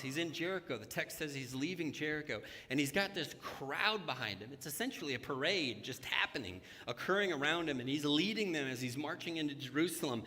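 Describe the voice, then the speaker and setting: A man's voice: on the high side, sharp tone. A man preaching a sermon in a church, telling stories in a conversational way and acting out the voices of the people in them. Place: church sanctuary. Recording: long hall reverb.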